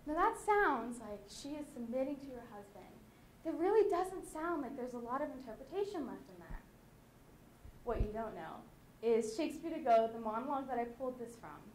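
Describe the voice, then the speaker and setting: A teenage girl giving a lively, chatty talk to a student audience at a youth conference. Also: fairly high pitch, slight background noise. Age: late teens. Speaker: student speaker. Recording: echoey hall.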